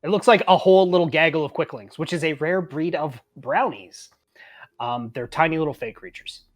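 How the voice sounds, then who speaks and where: A woman's voice: low-pitched, moderate pace. A Canadian woman narrating a tabletop game as game master, rambling with lots of fillers and laughing at herself.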